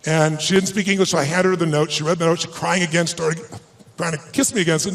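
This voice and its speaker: A man's voice: fairly high pitch, steady tone, quick pace. A man giving a motivational speech at an event, telling an emotional personal story with emphatic delivery. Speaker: motivational speaker. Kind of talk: speech to a live audience. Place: event stage.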